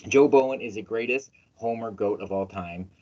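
A man hosting a casual sports podcast, telling stories in an animated, emphatic way with plenty of swearing. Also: on the low side, normal speed. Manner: animated, emphatic storytelling, profane. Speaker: podcast host. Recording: dull lo-fi audio.

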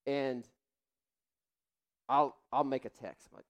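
A man's voice: mid-range voice, level tone, slow pace, lo-fi sound. A young adult man, a pastor, preaching a sermon in a candid, conversational way through personal stories.

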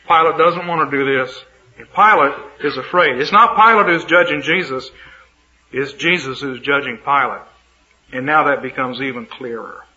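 A man's voice: a little high, sharp tone, highs cut off. A man teaching a sermon who reads scripture aloud and retells it with emphatic, dramatic commentary. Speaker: Bible teacher.

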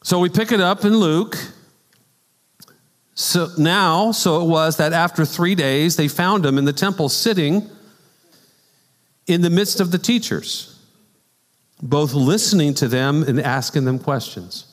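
Animated male pastor in a reverberant church. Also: a little high, unhurried, long pauses. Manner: animated storytelling with asides and laughs. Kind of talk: conversational sermon. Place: church sanctuary. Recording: long church hall reverb.

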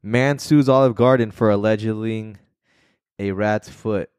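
A man's voice: on the low side, steady tone, unhurried, a little mellow, clean tone, dry recording, studio quality. A man co-hosting a podcast in laid-back, casual chat, swearing and saying bro. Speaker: podcast co-host.

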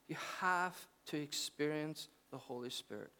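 At a moderate pace, a middle-aged pastor delivers a sermon conversationally, blending jokes with earnest, emphatic points. For a man, his voice sits a little high.

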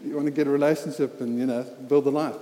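A man's voice: mid-range voice, steady tone, quick pace, mellow. A man preaching a sermon in an earnest, plain-spoken, conversational way, often saying "you know" and repeating words. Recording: reverberant church hall.

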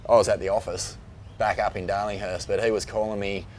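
Lively Australian man telling surf stories. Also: fairly low pitch, a little fast, a little hiss or hum. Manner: animated storyteller, rambling with fillers. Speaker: guest, surf magazine editor. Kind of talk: casual podcast conversation.

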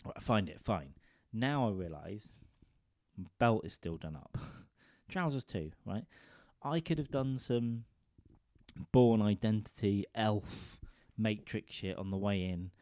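A man's voice: on the low side, expressive, slow, darkish tone, dry recording, studio quality. A man telling a crude, rambling comic story into a microphone, often checking in with his listeners. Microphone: studio microphone.

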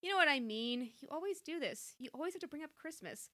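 A woman's voice: high voice, expressive, quick pace, bright, forceful tone, voice pushed up. A woman voicing a moody young heroine with a snappish, sulky manner. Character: moody young woman back in her hometown.

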